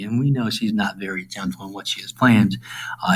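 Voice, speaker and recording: A male teacher talks through a summary in a loose, meandering way, peppering it with fillers and asides. His voice sits a little low, and the delivery feels unscripted and conversational. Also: steady tone, normal speed, poor audio. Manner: rambling, with many fillers and asides. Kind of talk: casual lesson summary.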